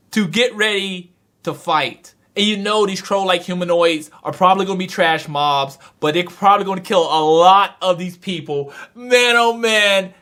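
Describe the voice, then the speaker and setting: Brief: a male reviewer with a high voice, retelling a chapter like a storyteller. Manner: animated storytelling, excitable. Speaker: manga reviewer. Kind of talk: dramatic recap and review.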